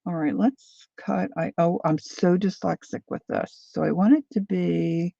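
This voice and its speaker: Woman, craft host, thinking aloud, answering viewers, gravelly voice, muffled lo-fi audio. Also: on the low side, steady tone, a little slow, warm tone, no room sound. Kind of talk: casual crafting livestream chat.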